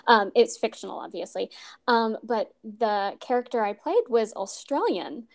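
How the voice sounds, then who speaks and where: An American woman in her thirties, a story narrator, answers interview questions over a call in casual chat, sounding bashful and giggly. Her youthful voice sits on the high side, a little slow, with lively intonation.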